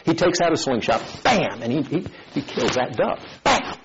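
A man preaching a sermon, telling a story and acting out its voices in an animated way. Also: mid-range voice, moderate pace, muffled recording, noisy background.

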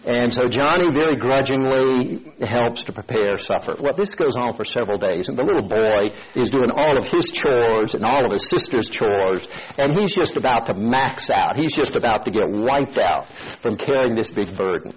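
Man, preacher, husky voice, muffled lo-fi recording, lively storytelling sermon. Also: mid-range voice, normal speed, hardly any pauses. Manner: animated, acts out story voices.

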